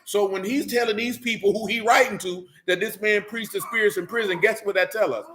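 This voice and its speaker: A man with an African American Vernacular English accent gives a sermon-style Bible lesson, high and bright in pitch. He talks in street vernacular and keeps firing off rhetorical questions. Faint background noise sits under the voice. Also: steady tone, fairly quick. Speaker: teacher.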